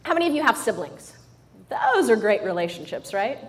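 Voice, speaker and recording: A woman's voice: fairly high pitch, sing-song, fairly quick. A middle-aged woman giving a humorous motivational talk to a live audience, playful and joking, often checking in with the crowd. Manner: playful and joking, with frequent "right?" asides to the audience. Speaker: motivational speaker.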